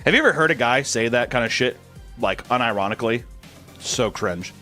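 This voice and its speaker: A man's voice: fairly low pitch, brisk, bright, forceful tone, soft background music. A young man streaming, reading out fan messages in a crude, joking, sarcastic casual chat.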